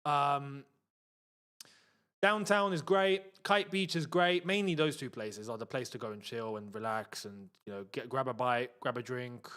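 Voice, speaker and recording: A man's voice: mid-range voice, measured pace, a bit bright, clear, resonant tone. A young man casually hosting a live football watchalong, chatting in slang and reading out viewer messages. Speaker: host.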